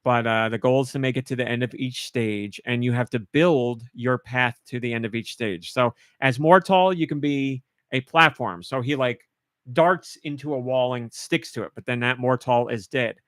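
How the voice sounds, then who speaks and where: A man's voice: medium pitch, normal speed, a bit bright, no echo, studio quality. A man hosting a podcast in casual chat, gushing with emotion and getting choked up and tearful as he talks. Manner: emotional, gushing, laughs while choking up. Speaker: podcast host.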